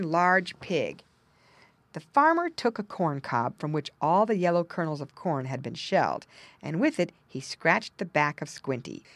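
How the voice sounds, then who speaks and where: A woman narrating a children's storybook, with gentle asides explaining things to young listeners. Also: deep voice, no echo. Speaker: audiobook narrator.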